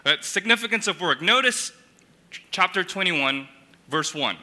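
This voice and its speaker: A man's voice: high voice, animated, normal speed, pushed and bright. A man preaching a sermon as a pastor, earnest, restating and repeating words as he builds each point. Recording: long hall reverb.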